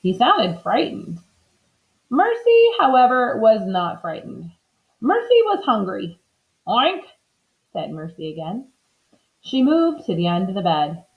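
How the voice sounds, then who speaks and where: Slow, animated woman reading a storybook. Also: medium pitch. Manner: expressive and animated. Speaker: storybook reader. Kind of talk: children's book read-aloud. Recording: slightly dull lo-fi recording.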